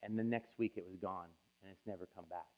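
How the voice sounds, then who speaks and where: A man's voice: low-pitched, fairly even intonation, fast talker. Male pastor, sermon testimony, emotional, confessional, tinny phone-like sound.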